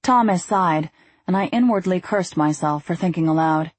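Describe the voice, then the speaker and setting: A woman narrates a first-person audiobook in an even storytelling manner. Her voice is husky and a little breathy. The sound is dry and close, with no room sound. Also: on the low side, moderate pace, no echo.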